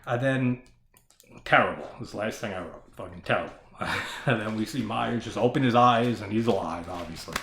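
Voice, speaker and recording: A man's voice: fairly low pitch, animated, a little fast, vocal fry, a bit bright, reverberant, slight background noise. A man giving a casual solo discussion of a horror film, ranting with plenty of swearing and frequent laughter. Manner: profane, ranting, laughs often.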